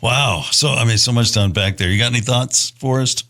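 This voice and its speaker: A man's voice: mid-range voice, a little fast, sharp tone. A man hosting an interview who adds brief, supportive comments to his guest's story. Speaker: show host.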